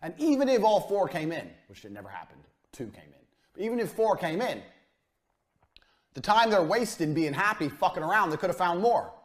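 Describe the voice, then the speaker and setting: A man's voice: high voice, very animated, fairly quick. A man giving a business course lecture, talking bluntly and commandingly and swearing often. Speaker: business coach.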